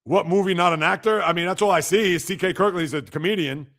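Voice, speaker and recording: A man's voice: high voice, fast, a bit bright. A man hosting a sports livestream, chatting casually and teasing viewers as he reads and answers their comments. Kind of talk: casual live-chat banter.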